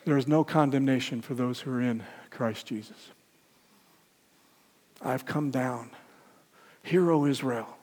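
An older man preaching a sermon, emphatic, swinging from loud peaks to soft lines and asking the congregation questions. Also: mid-range voice, measured pace, long pauses. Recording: long hall reverb.

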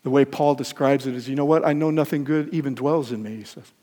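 An older man preaching a sermon, emphatic, swinging from loud peaks to soft lines and asking the congregation questions. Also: medium pitch, steady tone, fast. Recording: long hall reverb.

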